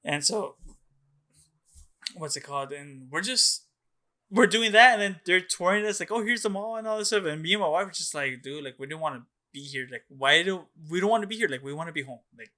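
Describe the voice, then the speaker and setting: A young man tells a story on a casual podcast, rambling and loose, with plenty of "like" and "dude" and frequent swearing. His voice is bright and forceful, sitting a little higher than most men's. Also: fairly quick. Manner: rambling, profane, many "like"s and "dude"s. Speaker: podcast co-host.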